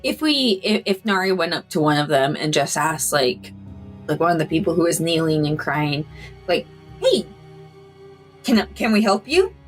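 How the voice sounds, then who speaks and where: Joking woman player, lowish voice. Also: moderate pace, faint music behind. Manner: joking, animated. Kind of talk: casual tabletop banter.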